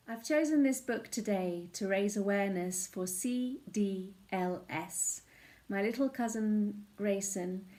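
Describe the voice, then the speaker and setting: A woman's voice: mid-range voice, a little mellow. A woman hosting a children's story reading, friendly and inviting. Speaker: storyteller and English teacher.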